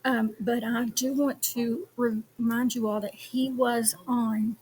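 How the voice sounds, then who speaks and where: A woman's voice: a little high, a little slow, slight background noise. A woman commenting on a trial and reading phone call transcripts aloud, with a hesitant manner and many ums. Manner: reads call transcripts in a flat, even tone. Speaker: true crime commentator.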